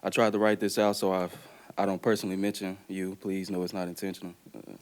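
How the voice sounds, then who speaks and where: A man's voice: low-pitched, level tone, fast talker. A young man from the Dallas area, a college basketball player, reads a prepared statement at a press conference and then answers questions, earnest and plain, with frequent uhs and ums. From Dallas area, Texas. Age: young adult.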